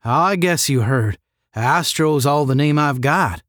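A man's voice: fairly high pitch, animated, slow, fairly bright tone, no echo, clean studio sound. A man voicing a big, good-natured young cadet in a space-academy story. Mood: friendly.

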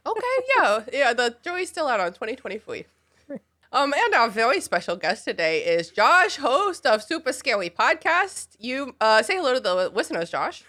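A woman's voice: a little high, big pitch swings, normal speed, sharp tone. A stuffed-up, nasal woman in her forties with a Boston accent hosts a podcast while sick. She keeps to a babyish little-kid voice as she chats. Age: 40s. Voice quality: nasal, congested. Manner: talking in a put-on baby-talk voice. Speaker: podcast host. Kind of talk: casual podcast chat.

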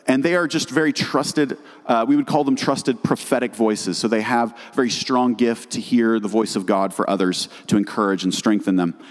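A man's voice: mid-range voice, moderate pace, big-room sound. A middle-aged missionary man giving an earnest church testimony, telling a story with many small restarts. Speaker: missionary speaker.

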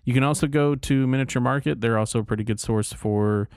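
A man's voice: mid-range voice, fast, a little mellow, clean tone, dry recording, clean studio sound. A man co-hosting a casual podcast, easygoing and laid-back, wrapping up the show and pointing listeners to places to buy. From Texas. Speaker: podcast co-host. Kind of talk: casual chat.

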